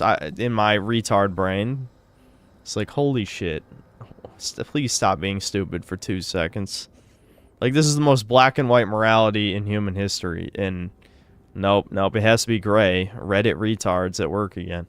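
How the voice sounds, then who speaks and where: A man's voice: fairly low pitch, normal speed, clean tone, dry recording. A male streamer reading out donations and riffing in a sardonic, profane way during a live stream.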